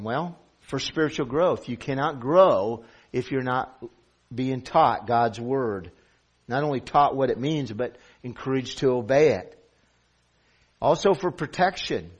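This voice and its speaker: A man's voice: a little high, slightly rough. A middle-aged man preaching a sermon as pastor, earnest and building to emphatic peaks.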